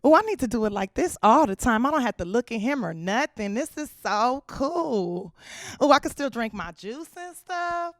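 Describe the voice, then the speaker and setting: A woman doing a stand-up routine, telling a story in a loud, brash, slangy way, with crude jokes and rapid repeated lines, on a handheld stage mic. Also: fairly high pitch, big pitch swings, dry recording, studio quality. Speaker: stand-up comedian.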